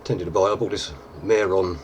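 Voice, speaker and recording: A deep-voiced man, chatting casually through a makeup tutorial with plenty of fillers. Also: fairly even intonation, moderate pace, a little mellow, slight background noise. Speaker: lookalike performer giving a tutorial.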